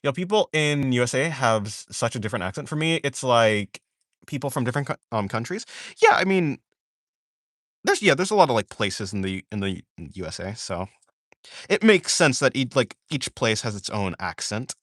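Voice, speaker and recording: A man's voice: medium pitch, very animated, moderate pace, a bit bright, dry recording, clean studio sound. A man chatting casually on a livestream, reading viewer questions aloud and answering them in a rambling way, full of fillers and self-corrections. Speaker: art streamer chatting with viewers.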